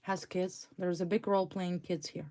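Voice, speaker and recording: A woman with a low-pitched voice gives a tarot card reading for her viewers. She speaks with emphatic indignation and keeps repeating her key words for weight. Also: level tone, moderate pace, mellow. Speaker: tarot reader.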